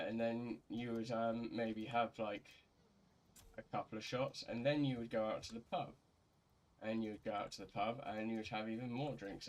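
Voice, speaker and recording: A young man, a bit tipsy, rambling casually as a gaming streamer, with lots of fillers, restarts and swearing. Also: fairly low pitch. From England.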